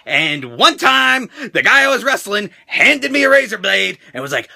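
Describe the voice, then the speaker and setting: Rowdy, profane American man with a high voice. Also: sing-song, normal speed, gravelly, few pauses, bright, forceful tone. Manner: rowdy, profane, jokey, acts out quotes in high squeals. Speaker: toy collector vlogger answering fan questions. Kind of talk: casual Q&A vlog.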